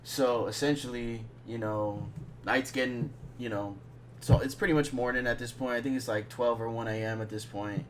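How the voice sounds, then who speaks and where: A young man telling a rambling, slang-filled story in a casual monologue, dropping to a hush when he quotes his friend. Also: medium pitch, fairly even intonation, normal speed, slight background noise. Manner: slangy, rambling, drops to hushed tones when quoting.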